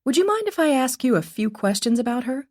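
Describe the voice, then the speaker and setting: A woman's voice: sits high, big pitch swings, fast, voice pushed up. A woman reading an audiobook and voicing an earnest young woman who asks polite, eager questions. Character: earnest young woman asking questions about a dead neighbor.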